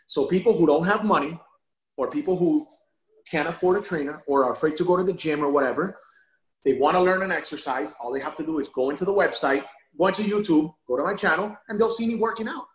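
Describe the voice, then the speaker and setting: A man speaking as a guest in a casual conversation, talking in an animated way and laughing often as he tells stories. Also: a little high, fast. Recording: roomy echo.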